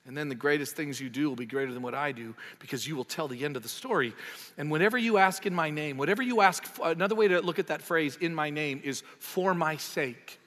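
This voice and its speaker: A high, bright male voice preaching a sermon in a church sanctuary, with a long hall reverb trailing every phrase. He rises to loud, impassioned peaks, then falls back to a quiet, intimate tone. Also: fairly quick. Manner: impassioned, swells loud on emphatic lines then drops quiet. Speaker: pastor.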